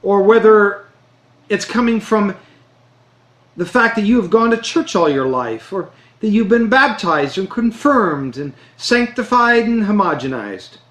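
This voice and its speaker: A man preaching a sermon, earnest and emphatic, slowing down to stress key phrases. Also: high voice, animated, a bit bright. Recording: roomy echo.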